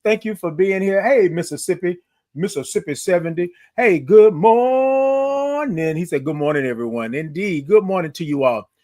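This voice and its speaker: A man hosting a morning livestream from his phone, chatting with viewers, reading out their comments and stretching his good-mornings into long singsong calls. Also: a little high. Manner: animated, drawn-out singsong greetings, reads out viewer comments. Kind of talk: upbeat live-stream chat greeting viewers.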